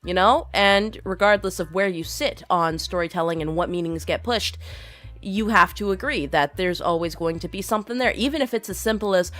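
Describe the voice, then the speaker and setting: A woman's voice: medium pitch, brisk, a bit bright, soft background music. A young woman streamer talking casually, ranting in an opinionated, rambling way. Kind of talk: casual live-stream chat.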